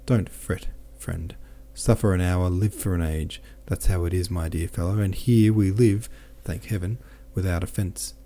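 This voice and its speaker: A man's voice: sits low, fairly even intonation, unhurried, hardly any pauses, warm tone. A man voicing a kindly little peasant soldier with a tender, sing-song manner in an audiobook reading. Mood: gentle, kindly.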